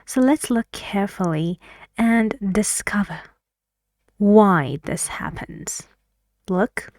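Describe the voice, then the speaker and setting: A woman's voice: medium pitch, lively intonation, slow pace, darkish tone, dry recording. A woman teaching an English pronunciation lesson in a patient way, asking learners questions as she explains.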